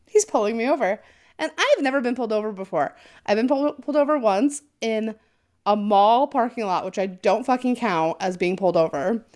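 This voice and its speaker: A woman's voice: fairly high pitch, fairly quick. A young woman co-hosting a podcast, telling a story in casual chat, swearing often and acting out the people she quotes. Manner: animated, swears often, acts out quoted voices. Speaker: podcast co-host.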